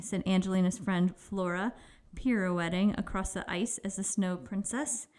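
Woman narrator for a children's read-aloud, expressive storyteller, mid pitch. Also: normal speed.

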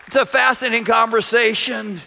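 A man preaching a sermon as pastor, dramatic, swinging between shouted lines and hushed low passages. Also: steady tone, fairly quick, gravelly. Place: church sanctuary. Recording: echoey church hall. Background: long hall reverb.

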